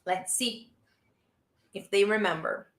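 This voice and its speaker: A woman from Brazil with a Brazilian Portuguese accent, teaching a live online English lesson and warmly praising her learners. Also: mid-range voice, slow pace, roomy sound. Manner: encouraging, praising learners often.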